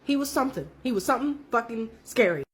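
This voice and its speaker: A woman telling a story in a casual, profane, animated way, with her voice jumping up when she quotes people. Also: fast talker, a little hiss or hum. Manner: animated, profane, jumps high when quoting others.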